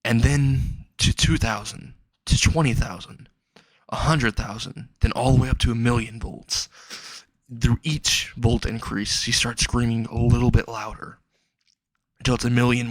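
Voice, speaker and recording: A man's voice: medium pitch, no echo. Casual man narrating a fan story. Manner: casual, with restarts. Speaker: channel host and narrator.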